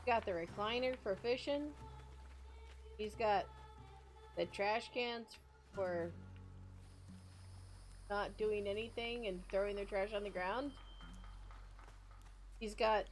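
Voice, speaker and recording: A woman streamer casually chatting through a video game. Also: mid-range voice. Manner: chatty, wandering musings. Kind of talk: casual gameplay commentary.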